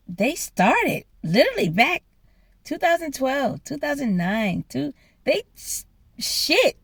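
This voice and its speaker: A woman's voice: a little high, gravelly, no echo. A woman vlogger telling a personal story in a blunt, profane, emphatic way. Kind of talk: casual storytelling rant.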